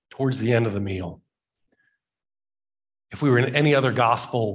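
A man preaching a sermon as a pastor, telling the story conversationally and slowing down for emphasis. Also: medium pitch, fairly bright tone.

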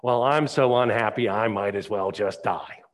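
A man preaching, voicing a sulking prophet who complains in a high, petulant voice. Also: normal speed, natural voice.

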